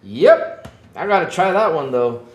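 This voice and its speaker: A man's voice: fairly high pitch, wildly swooping pitch, measured pace, creaky, echoey room. A man hosting a casual livestream, joking with the chat and playing up mock hurt, laughing often. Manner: playful, self-mocking, laughs often, mock-whiny. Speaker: livestream podcast host. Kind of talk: casual live-chat banter.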